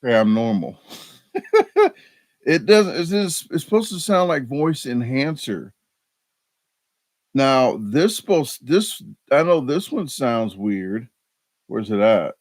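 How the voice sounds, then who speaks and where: A man's voice: mid-range voice, big pitch swings, slow pace, pauses often, no room sound. A man hosting a casual live stream chat. He rambles, mocks himself, and restarts his sentences often. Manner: rambling, self-deprecating, frequent fillers and restarts.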